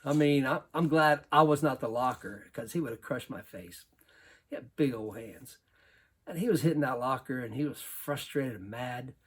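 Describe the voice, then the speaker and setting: A basketball coach telling a lively personal story to an audience, laughing often as he goes. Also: medium pitch, normal speed, slightly rough. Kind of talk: storytelling talk.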